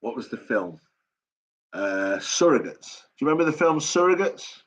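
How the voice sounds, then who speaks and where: A man's voice: medium pitch, very animated, moderate pace, low-quality recording. A middle-aged man hosting a late-night live chat, telling stories in a rambling, blunt way with constant swearing. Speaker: live stream host.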